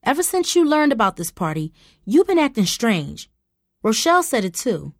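A woman voicing an angry, exasperated middle-aged mother who scolds loudly. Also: a little high, very animated, moderate pace, dry recording, clean studio sound, pitched above the performer's own voice. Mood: fuming. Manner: scolding, loud and indignant.

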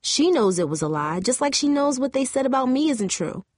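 A woman's voice: high voice, very animated, fairly quick, darkish tone, no room sound, clean studio sound, pitched above the performer's own voice. A woman reading an audiobook, voicing a loyal, plain-spoken teenage girl who talks in earnest, casual slang. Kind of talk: audiobook character voice.

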